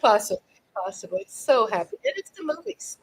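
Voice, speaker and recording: A middle-aged woman hosting a casual livestream, talking in a lively, chatty way and swinging from loud cheering to low asides. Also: a little fast, breathy edge, rough recording. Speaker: livestream host.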